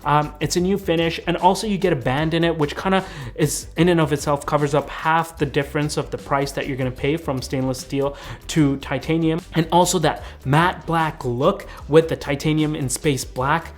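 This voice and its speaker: A man's voice: fairly high pitch, steady tone, moderate pace. Chatty man reviewing tech gadgets. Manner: enthusiastic, chatty, addresses viewers as guys. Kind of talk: casual product review.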